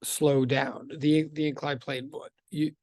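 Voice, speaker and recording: A man's voice: a little high, little pitch movement, unhurried, darkish tone, no echo. A man teaching a physics class over a video call, greeting students one by one in a rambling, self-interrupting way. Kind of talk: casual online class intro.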